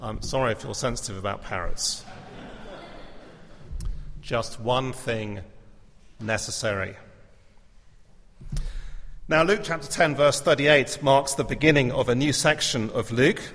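A man preaching a sermon as the pastor, measured and earnest with touches of gentle humour. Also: mid-range voice, a little hiss or hum. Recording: reverberant church hall.

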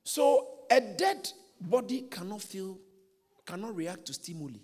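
Male pastor, high bright voice, big pitch swings, animated storytelling sermon, echoey hall. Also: a little slow, slightly rough. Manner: animated storytelling preacher, repeats phrases, questions the congregation. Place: church hall.

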